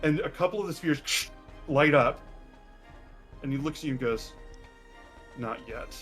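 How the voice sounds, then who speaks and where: A man's voice: a little high, moderate pace, soft background music. Rambling game master man. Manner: relaxed, rambling, many ums. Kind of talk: narrating a tabletop game.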